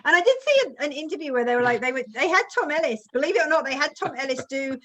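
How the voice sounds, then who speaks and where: A woman's voice: high voice, lively intonation, very fast, fairly bright tone. A woman with an English accent hosting a casual video-call chat, chatty and exclamatory. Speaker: host.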